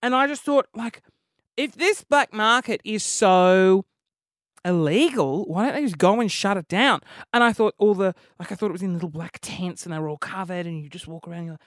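A man's voice: high voice, a little fast, no echo, clean studio sound. A man, hosting a comedic podcast monologue full of exasperated, swearing rants. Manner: animated, exasperated ranting with swearing and playful impressions. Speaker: podcast host.

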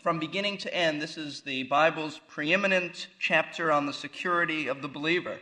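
A man's voice: on the high side, fairly quick, pushed and bright, rough recording. A man teaching a Bible sermon as a pastor, emphatic and fond of rhetorical questions. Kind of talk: expository sermon.

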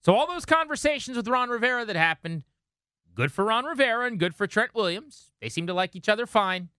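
A hoarse man hosting sports talk radio, his voice rising and falling in lively swings. He pushes his opinions hard and with emphasis, and his tone comes through bright and forward on a dry studio mic. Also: sits high, fairly quick, no room sound. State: hoarse from a cold, cracking when he laughs.

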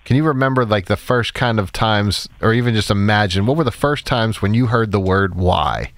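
A man hosting a call-in radio advice show, calm and validating, explaining his points with everyday examples. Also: fairly low pitch, brisk, dry recording.

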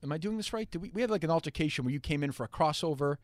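A man's voice: on the high side, expressive, no room sound. A man who hosts a radio show, joking and teasing his co-host in casual chat at a studio microphone. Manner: quick, teasing banter.

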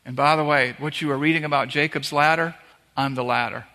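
Guy preaching a sermon, bright tense voice, kinda high, big hall echo. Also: brisk. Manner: animated preaching, acting out quoted lines. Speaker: pastor.

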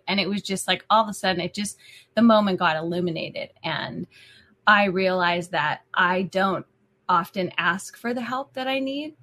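A woman's voice: lowish voice, normal speed, pushed and bright. A middle-aged woman co-hosting a casual faith talk, telling an emotional story in a chatty way.

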